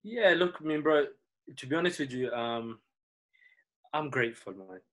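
A man's voice: mid-range voice, moderate pace. A man, a former cricketer and coach, telling stories in a casual interview, reflective and acting out what others said. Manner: relaxed, reflective, acts out quoted dialogue.

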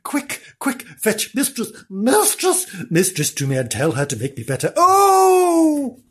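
A man voicing a sly, greedy, theatrical tomcat in a storybook reading, with a high, wailing melodramatic delivery. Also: fast, slightly rough.

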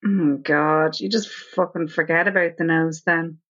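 A woman's voice: deep voice, steady tone, a little slow, fairly bright tone, muffled recording. A woman co-hosting a podcast, adding dry, wry remarks in casual chat. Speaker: podcast co-host.

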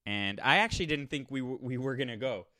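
A young man telling a rambling, sardonic story in a casual monologue, now and then mocking people in quick impressions. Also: mid-range voice, lively intonation, bright, forceful tone, no room sound. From Los Angeles area.

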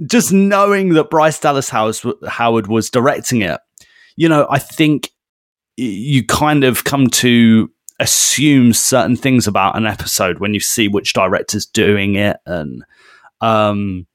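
Male podcast co-host, chatty and animated, restarts a lot; dry close mic. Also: medium pitch, dry recording. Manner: chatty, animated, repeats himself while thinking. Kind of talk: casual chat.

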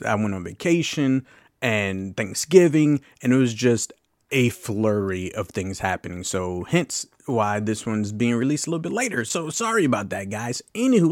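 A man's voice: mid-range voice, no room sound, studio quality. A man in his late thirties hosting a podcast, chatting casually about a film with loose asides and the odd curse word. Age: late 30s. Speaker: podcast host. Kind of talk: casual film review chat.

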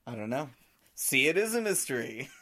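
A co-host in casual podcast chat who thinks out loud, pausing and restarting as ideas form. The voice sits at a middling pitch. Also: big pitch swings, slight background noise. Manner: thinks aloud, hesitant, restarts.

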